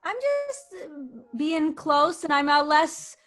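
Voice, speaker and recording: A woman talks as a player in a tabletop game. Her voice is a little high, and she speaks haltingly, full of pauses and fillers. Faint music plays underneath. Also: little pitch movement, a bit bright. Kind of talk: casual tabletop play.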